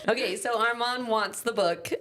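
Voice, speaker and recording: A woman hosting a book podcast, recapping a novel in casual chat that is quick and full of "like" fillers. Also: fairly high pitch, fairly bright tone. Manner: chatty, many "like" fillers, quick bursts.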